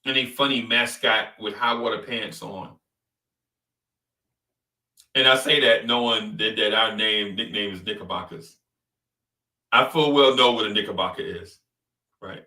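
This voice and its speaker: A man rants in casual sports talk, animated and repetitive as he trash-talks. His voice is very bright and edgy. He sits back from the mic in a roomy, echoing space. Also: on the low side, unhurried, long pauses, recorded from a distance. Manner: animated, trash-talking, repeats phrases for emphasis. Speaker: sports podcast host.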